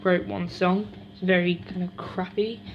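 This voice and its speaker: A woman's voice: fairly low pitch, level tone, unhurried, soft background music. Rambling young woman on a lo-fi home video. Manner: rambling, self-correcting, chatty asides. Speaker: vlogger. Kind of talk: casual rambling chat. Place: home, by a washing machine. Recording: dull lo-fi home recording.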